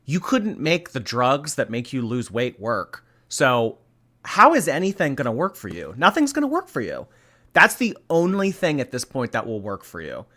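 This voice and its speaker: A man's voice: medium pitch, sing-song, normal speed, bright, forceful tone. A man hosting a casual reaction stream, reading chat and giving blunt, chatty opinions with casual swearing.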